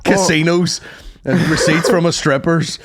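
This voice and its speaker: A man's voice: on the high side, fairly even intonation, normal speed, heavy background noise. A Northern Irish man, a comedian co-hosting a podcast, teasing and bantering in casual chat.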